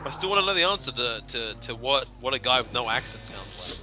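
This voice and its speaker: A man's voice: mid-range voice, animated, fast talker, music in the background. A man co-hosting a gaming stream, rambling through jokey anecdotes in casual chat.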